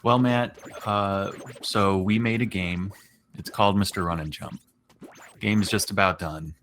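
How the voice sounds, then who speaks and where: A man's voice: deep voice, fairly even intonation, measured pace, a bit bright, soft background music. A man co-hosting a casual live stream, with dry, teasing remarks. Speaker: game director and co-host.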